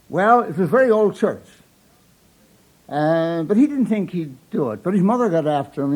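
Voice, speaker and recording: A man's voice: fairly high pitch, darkish tone, rough recording. Older Newfoundland man spinning yarns. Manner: folksy, chuckles at his own punchlines, voices characters in dialect. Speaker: storyteller. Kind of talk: live humorous storytelling.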